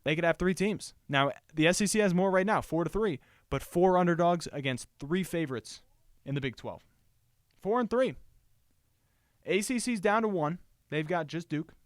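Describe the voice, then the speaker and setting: A man's voice: high voice, normal speed, dry recording, studio quality. A man hosting a sports show on his own, giving emphatic commentary and repeating his points for stress.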